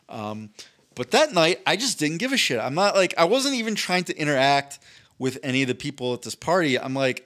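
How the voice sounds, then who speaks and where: A man's voice: mid-range voice, a bit bright. A young man tells a story on a casual podcast, candid and freely profane. He makes fun of himself as he goes along. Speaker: podcast co-host.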